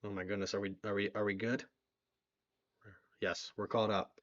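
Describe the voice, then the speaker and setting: Philly-male stream host, excitable, repeats lines, slightly muffled audio. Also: lowish voice, normal speed. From southeastern Pennsylvania. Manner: excitable, repeats himself, reads donations aloud. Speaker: livestream fundraiser host. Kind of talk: live stream chat.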